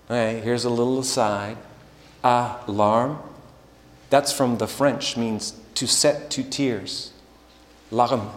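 A man preaching a sermon in a church, slow and deliberate, building to emphatic passages. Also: mid-range voice. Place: church sanctuary. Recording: echoey hall with long reverb.

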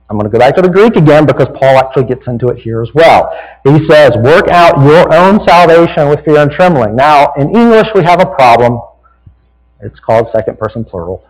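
A man's voice: on the high side, in a large hall, rough recording. A man with a Southern American accent preaching a sermon as a pastor, in a folksy, conversational way that keeps checking in with "right?".

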